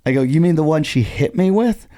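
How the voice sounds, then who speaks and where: A man's voice: fairly high pitch, animated, a little fast, warm tone, dry recording, studio quality. A man, a comedian, telling stories in a casual podcast chat and acting out both sides of the dialogue in a loose, rambling way. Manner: loose, rambling with many fillers.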